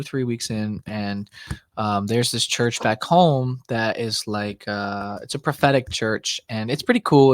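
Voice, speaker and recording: An animated young man spins a story on a podcast, jumping into voices for the people he quotes and scattering "like" through his speech. His pitch sits in the middle range, and the studio sound is dry and close. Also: no echo. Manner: animated, acts out voices in quotes, many "like" fillers.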